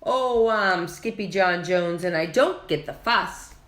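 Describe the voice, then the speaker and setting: A woman's voice: lowish voice, slow, a bit bright, reverberant. A woman voicing a bold, playful boy kitten who thinks he's a chihuahua, in a sing-song, dramatic storybook manner.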